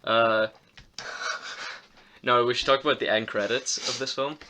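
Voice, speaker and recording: A man's voice: medium pitch, fairly even intonation, measured pace, pushed and bright, slight background noise. A teenage boy co-hosting a casual film review podcast, chatty, often restarting his words and swearing offhand. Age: teens. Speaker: podcast co-host.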